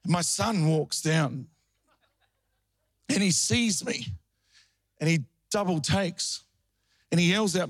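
A man's voice: a little high, slow, long pauses, no room sound, studio quality. A middle-aged man preaching a sermon, telling a story and then rising into fervent preaching. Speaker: pastor.

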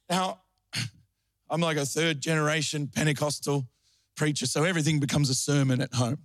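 A man's voice: fairly high pitch, fairly even intonation, fairly quick, a bit bright, no echo, clean studio sound. A middle-aged man preaching a sermon, telling a story and then rising into fervent preaching. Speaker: pastor.

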